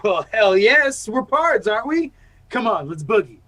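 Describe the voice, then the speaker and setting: A man's voice: high voice, very animated, unhurried, pushed and bright, full character voice. A man playing a sneering ex-con burglar. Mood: menacing. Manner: sneering, tough. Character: menacing ruthless male ex-con burglar.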